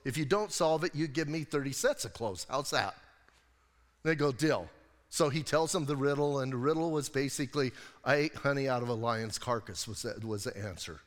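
A man's voice: mid-range voice, fairly quick. A man preaching a sermon as pastor, retelling a story in a casual, joking way with lots of rhetorical questions. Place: church sanctuary. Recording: long hall reverb.

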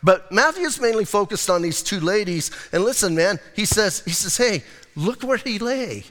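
A male pastor preaching a lively, conversational sermon and acting out quotes as he goes. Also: high voice, normal speed, big-room sound.

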